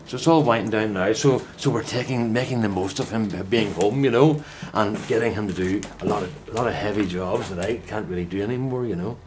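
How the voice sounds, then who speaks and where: Older man, lowish voice, chummy rambling gardener talk, outdoors, faint wind behind. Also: brisk, hardly any pauses. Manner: meandering, chummy, many restarts and asides. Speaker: gardening vlogger. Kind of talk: casual rambling chat to camera. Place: outdoors in a windy vegetable plot.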